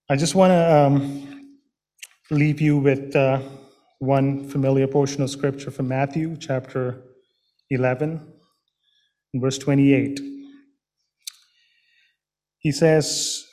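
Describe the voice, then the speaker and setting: A man preaching a sermon in a slow, earnest way, pausing with fillers and restarting his phrases. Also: mid-range voice, fairly even intonation, dark tone.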